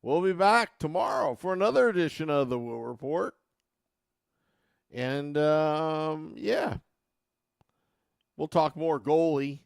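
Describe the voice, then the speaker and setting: A man's voice: on the high side, slow, creaky, pauses often, smooth, dry recording, studio quality. A man hosting a sports podcast, talking casually and animatedly to his listeners. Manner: animated, mocks fans with a put-on accent. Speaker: podcast host.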